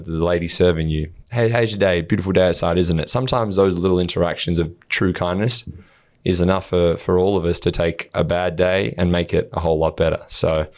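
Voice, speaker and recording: A man with a deep, low voice talks in a casual podcast chat. He is earnest and blunt, swears freely, and acts out how he answers online trolls. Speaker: podcast co-host.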